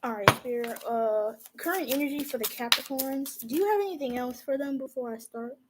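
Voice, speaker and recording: A woman's voice: sits high, brisk, heavy background noise. A young woman giving a casual, profane tarot reading, talking straight to her viewers. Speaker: tarot reader.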